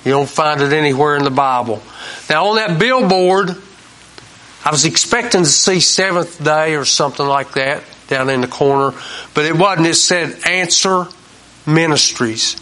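A man with a slightly high, bright voice speaks at normal speed in a forceful tone. He hosts a Christian talk show, sharing homespun stories in a folksy preaching style and repeating his key lines for emphasis.

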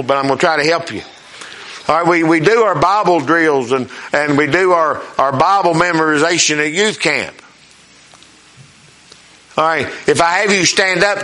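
A male preacher with a high, bright, forceful voice delivers a sermon. He talks in a folksy, down-home way and keeps checking in with his listeners. He slows right down to read scripture with weight. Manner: folksy, questioning the congregation often; reads scripture slowly and emphatically.

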